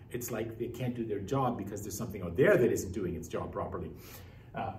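A man's voice: darkish tone, recorded from a distance. A man teaching a Greek class, explaining grammar step by step and asking rhetorical questions. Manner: explanatory, rhetorical questions, pitch rising and falling widely. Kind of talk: classroom lecture. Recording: echoey classroom, speaker off-mic, faint hiss.

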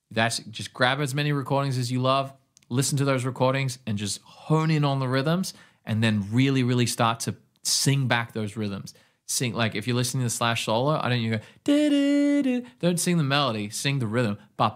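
A man with an Australian accent teaching an online guitar lesson, talking enthusiastically and rambling. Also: medium pitch. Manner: enthusiastic, rambling, scats rhythms aloud. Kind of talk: casual online music lesson.

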